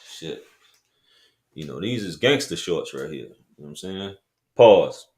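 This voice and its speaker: A man's voice: deep voice, lively intonation, measured pace, darkish tone, slightly rough. A man hosting a casual livestream, joking and bantering with viewers in loose, slangy talk. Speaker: livestream host.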